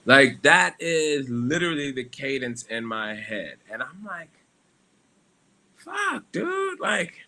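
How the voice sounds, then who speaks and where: A man's voice: mid-range voice, expressive, a little slow, hardly any pauses, bright, forceful tone. Rambling, self-mocking man on a livestream. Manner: rambling, self-deprecating, swears freely, laughs often. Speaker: livestream host. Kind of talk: casual solo livestream chat.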